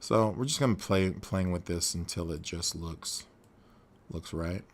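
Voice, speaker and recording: Man, very low voice, unhurried, casual tutorial host, soft hiss under it. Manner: unhurried, thinking aloud with frequent fillers. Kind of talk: casual screen-recorded tutorial narration.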